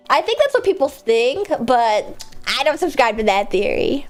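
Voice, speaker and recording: A woman streamer chatting casually and rambling with lots of fillers, breaking into sudden loud outbursts while she plays a game. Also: a little high, sing-song, normal speed, faint music behind. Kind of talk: casual live-stream chat while gaming.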